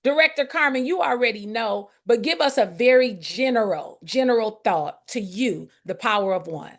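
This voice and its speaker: A fairly high-voiced woman runs a group coaching session over a video call. She calls on participants by name and hammers her points home with repetition. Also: expressive, moderate pace.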